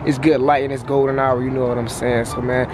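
A man's voice: mid-range voice, level tone, a little fast, roomy sound, heavy background noise. A young man hosting a casual couple challenge video, talking in a slangy, boastful, playful way. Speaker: YouTube host.

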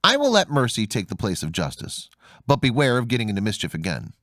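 A boastful young craftsman from a fairy tale speaks, put on by a male narrator. He talks with measured pride and lively inflection. The sound is close and dry. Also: mid-range voice, no echo. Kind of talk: storybook narration.

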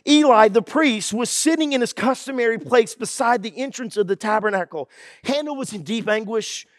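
Pastor, male, high voice, fervent preaching, dry close sound. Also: normal speed, dry recording. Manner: fervent, preacherly, acts out quotes. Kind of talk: sermon.

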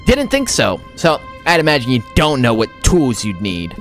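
A man voicing a pushy, creepy middle-aged male landlord in a game, with a nasal, high-pitched voice and a folksy, territorial way of talking. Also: wildly swooping pitch, normal speed, fairly bright tone, soft background music. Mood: defensive.

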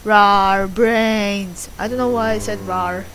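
A woman's voice: mid-range voice, fairly even intonation, slow pace, a bit bright, slight background noise, rough recording. Casting: woman doing a silly growling zombie man after brains, game commentary voice. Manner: growling, playful.

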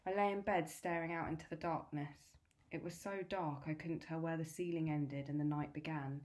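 A woman tutor reading a children's novel aloud in a steady, clear way. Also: sits low, moderate pace.

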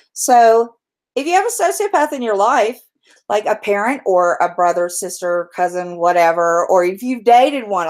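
A woman's voice: medium pitch, a little mellow. A woman hosting her own video, explaining and telling stories in a rambling way full of fillers and restarts. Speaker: video host. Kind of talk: casual explanatory vlog.

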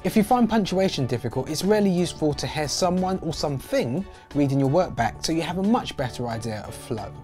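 Man, tutorial voice-over, upbeat, animated intonation. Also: on the high side, fairly quick, hardly any pauses, faint music behind. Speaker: host.

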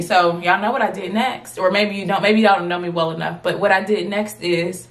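A woman's voice: lowish voice, a little fast, few pauses. Chatty twenty-something woman vlogger. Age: 20s. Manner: animated, chatty, addresses viewers as y'all. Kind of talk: storytime vlog.

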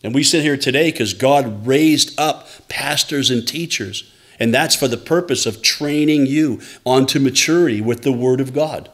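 A man's voice: medium pitch, normal speed, fairly bright tone. A man, a pastor, preaching a conversational sermon to his congregation and acting out playful asides now and then.

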